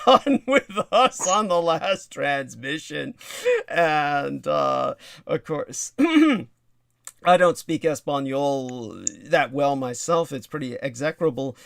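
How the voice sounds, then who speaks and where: Man, livestream host, gravelly, dry close sound, rambling with fillers. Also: medium pitch, dry recording. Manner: rambling with many fillers and laughs. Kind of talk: casual livestream chat.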